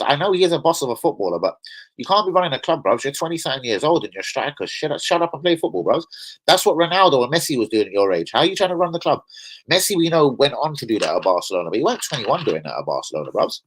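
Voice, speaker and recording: A man chatting casually on a football live stream, full of slang and banter. His pitch rises and falls in a lively, animated way as he riffs with his chat. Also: rough recording.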